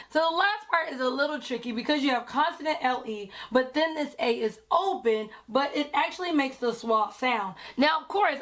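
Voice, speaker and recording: A woman teacher talking directly to parents and teachers in an upbeat, encouraging way, full of exclamations. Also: high voice. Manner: energetic, encouraging, exclaims often. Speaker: teacher and reading coach. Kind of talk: upbeat educational vlog talk.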